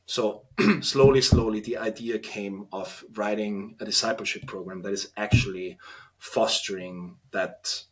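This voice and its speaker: A man in his thirties with an Austrian German accent, a guest on a podcast interview, talking earnestly and reflectively with halting restarts. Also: lowish voice, fairly even intonation. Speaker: podcast guest, trainee priest.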